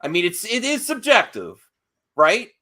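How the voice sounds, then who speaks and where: A man's voice: high voice, wildly swooping pitch, normal speed, bright, forceful tone. A man hosting a live stream, chatting casually and earnestly, often stopping and restarting his sentences.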